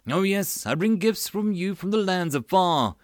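A man's voice: sits high, animated, normal speed, no room sound, clean studio sound, voice pushed up. A man voicing a flirtatious, pompous male fleet master who speaks in flowery, eager compliments. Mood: charming.

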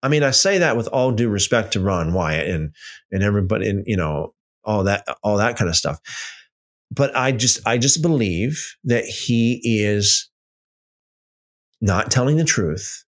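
A man leads an unscripted Bible study lesson in a casual, talky way. His pitch swings widely as he speaks. He stumbles and repeats words, then slips into mocking, acted-out exchanges to make his point. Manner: animated, repeats words and restarts sentences, mocks claims with imitated dialogue.

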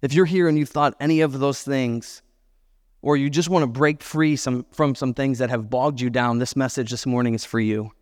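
Animated pastor, reverb-washed hall. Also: male voice, medium pitch, normal speed. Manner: animated storyteller, self-deprecating, chatty asides. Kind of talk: sermon with personal story.

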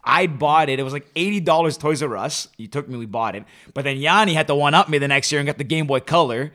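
A man's voice: on the high side, fast, pushed and bright. A young man co-hosting a podcast, chatting casually and telling family stories with lots of fillers and laughs. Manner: storytelling with many fillers, laughs often. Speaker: podcast co-host. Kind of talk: casual chat.

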